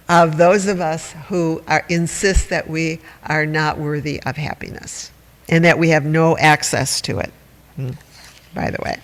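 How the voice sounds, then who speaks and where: A man with a high voice gives a meditation talk in a wry, chatty way, joking at his own expense and turning to his listeners. His voice carries a long reverb from the hall. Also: fairly even intonation, measured pace, a bit bright. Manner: conversational, wry and self-mocking, with audience asides. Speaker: meditation teacher. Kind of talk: dharma talk to a group.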